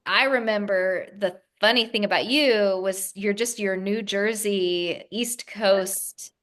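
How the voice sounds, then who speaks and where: A woman's voice: medium pitch, slow, a bit bright. A woman from the American Southwest interviewing a publisher in a casual chat, acting out quotes and laughing often.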